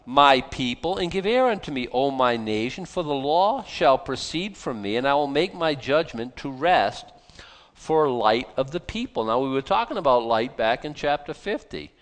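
A man preaching a Bible sermon in a conversational, animated way, often restarting and breaking into asides. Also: mid-range voice. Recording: long hall reverb.

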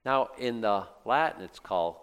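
Animated preacher in a reverberant hall. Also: male voice, fairly low pitch, moderate pace, clear, resonant tone. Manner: animated preaching with acted asides and scripture reading. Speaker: pastor. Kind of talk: sermon.

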